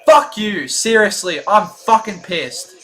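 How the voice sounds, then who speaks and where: A man giving live fan commentary on a basketball game, frustrated and profane, breaking into shouts and laughter. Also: high-pitched, slow.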